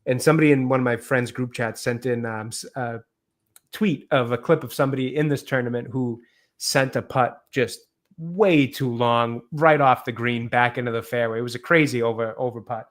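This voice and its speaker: A man's voice: medium pitch, normal speed. Chatty man reviewing a film. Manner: chatty, laughs often, trails off and restarts. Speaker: podcast co-host. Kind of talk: casual film review chat.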